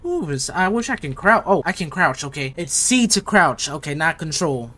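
A man's voice: a little high, big pitch swings, normal speed, sharp tone. Jumpy young man narrating horror gameplay. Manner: jittery, repeats himself, slangy. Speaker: gaming YouTuber. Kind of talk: horror game commentary.

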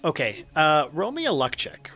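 A man's voice: fairly high pitch, huge pitch swings, normal speed, pushed and bright. A man running a tabletop game as game master, rambling with many fillers and restarts.

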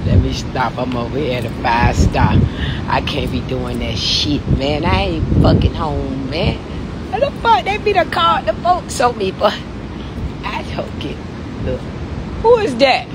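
A woman's voice: deep voice, expressive, measured pace, heavy background noise. A woman ranting profanely and confrontationally on a late-night phone livestream. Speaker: social media personality.

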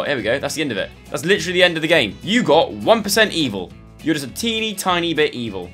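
A man's voice: on the high side, very animated, quick pace, fairly bright tone, soft background music. A young man chatting and thinking aloud as he plays through online quizzes for his channel. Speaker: YouTuber. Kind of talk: casual commentary playing online quizzes.

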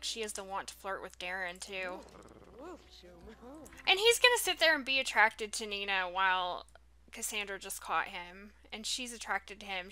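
A woman's voice: mid-range voice, pushed and bright. A woman doing casual gameplay commentary, reacting with dismay and talking to the characters on screen. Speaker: let's play host.

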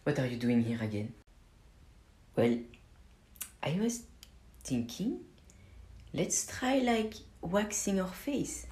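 A man with a French accent, a comedy creator, talking in a quiet, drawling deadpan in a skit with his pet. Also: on the high side, takes it slowly, long pauses, roomy sound.

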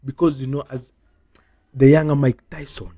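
Husky-voiced man ranting on repeat. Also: mid-range voice, level tone, moderate pace, mellow. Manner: repetitive, chant-like ranting. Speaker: reaction video host. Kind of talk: casual ranting reaction.

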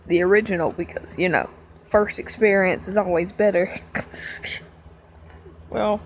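A woman's voice: medium pitch, fairly even intonation, unhurried, pauses often, slight background noise. A woman hosting a gaming channel, talking casually to fans in a giggly, rambling, self-mocking way with a strained, worn-out voice.

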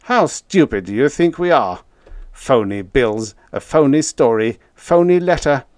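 A man's voice: mid-range voice, lively intonation, a little slow, darkish tone, no echo, clean studio sound, pitched above the performer's own voice, close to an everyday voice. A male narrator voicing a blustering, scornful police officer in an audiobook story.

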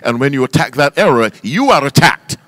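Very animated and a little fast, this man has a medium, slightly bright voice captured dry. He's a pastor delivering a sermon, reading King James scripture aloud with emphasis, spelling words out for stress, and quizzing listeners in call-and-response fashion.

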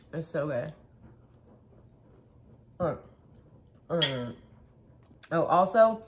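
Chatty woman vlogging from home. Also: fairly low pitch. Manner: chatty, rambling, full of "like". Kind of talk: casual vlog chat. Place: home kitchen.

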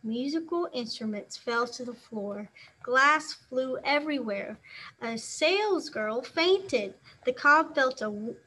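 A woman teacher reading a children's novel aloud, expressive and acting out the sound words. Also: high voice, a little hiss or hum.

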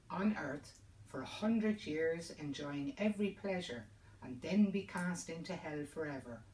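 A woman storyteller voicing a stern male angel who passes judgment, speaking in a measured, solemn way. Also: sits low, a little mellow, slight background noise. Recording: roomy sound from a distant mic.

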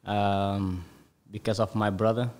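A man, a podcast guest telling a childhood football story in halting English with many self-corrections. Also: fairly low pitch, little pitch movement, a little mellow. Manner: halting non-native English, lots of self-repair. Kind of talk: casual storytelling.

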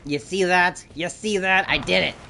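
A man streaming a video game, commenting live, swearing and yelling at enemies, his voice a little hoarse. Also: high-pitched, moderate pace, a little hiss or hum. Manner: excitable, swears and yells at enemies. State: slightly hoarse, frog in throat. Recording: game music behind voice.

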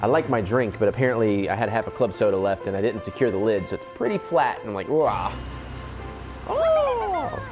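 Speaking fast with few pauses, a man with a fairly low voice rambles through casual commentary on his let's play. It's late at night, so he keeps his volume down, laughing often as game music plays.

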